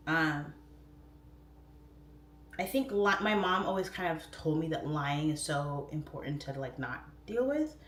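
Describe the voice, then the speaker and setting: A woman in her thirties hosting a casual livestream, chatting openly and jumping up in pitch when she quotes herself. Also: echoey room, a little hiss or hum. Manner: chatty, expressive, pitch jumps up for quoted voices. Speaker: livestream host.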